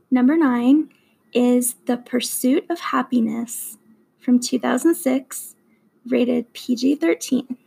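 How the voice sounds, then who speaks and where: Her voice sits high, warm and gravelly, as this young woman works through a slow, deliberate countdown of her favorite films for her vlog. Earnest enthusiasm and emphatic superlatives run through it, captured on a low-quality recording.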